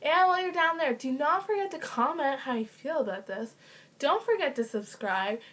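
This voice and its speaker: A woman's voice: sits high, expressive, moderate pace, a bit bright. A young woman telling a casual storytime vlog, chatty with lots of fillers and sarcastic asides, coughing now and then. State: occasional cough. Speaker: vlogger.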